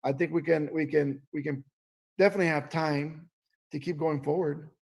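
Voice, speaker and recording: A man giving a sales training talk, telling animated stories and acting out voices. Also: a little high, moderate pace, gravelly, slightly rough. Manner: animated storytelling, acts out voices. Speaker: business trainer.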